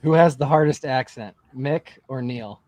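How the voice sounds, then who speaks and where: A man's voice: medium pitch, normal speed, darkish tone, no room sound. A man co-hosting a casual chat, laid-back, reading out viewer questions. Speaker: co-host.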